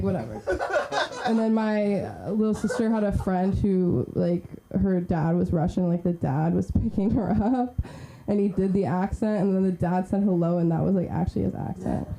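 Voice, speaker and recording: A woman hosting an open mic comedy night, rambling and giggly, trailing off into her own asides. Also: medium pitch. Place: small comedy club stage. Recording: noisy live club recording.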